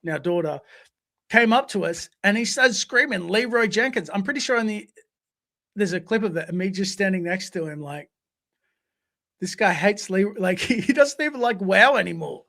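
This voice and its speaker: High gravelly man telling stories. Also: fairly quick. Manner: animated, swears freely, acts out voices. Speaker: podcast co-host. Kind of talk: casual storytelling.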